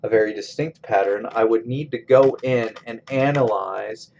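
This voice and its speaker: Slow and methodical, a man lectures a college English class by screencast, breaking each point down step by step. His medium-pitched voice has a darkish tone, heard through lo-fi sound with slight background noise.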